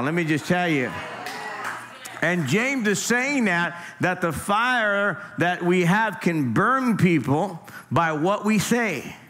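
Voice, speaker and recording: Pastor, male, high-pitched voice, chatty stop-start sermon delivery. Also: fairly bright tone. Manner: conversational preaching, lots of "man" and stammered restarts. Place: church sanctuary.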